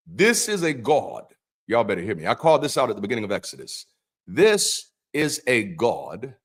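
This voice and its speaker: A middle-aged man on a Bible commentary show with a lively voice that jumps far up and down. He swings from slow, solemn preacher cadence to cursing, incredulous outbursts, irreverent and animated throughout. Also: mid-range voice. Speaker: ex-pastor host.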